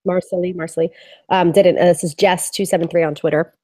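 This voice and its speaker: A woman co-hosting a casual TV chat, talking quickly with lots of "like" and reading out viewer comments. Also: fairly low pitch, steady tone, dark tone, no room sound, studio quality. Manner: chatty, lots of "like", reads viewer tweets. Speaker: podcast co-host.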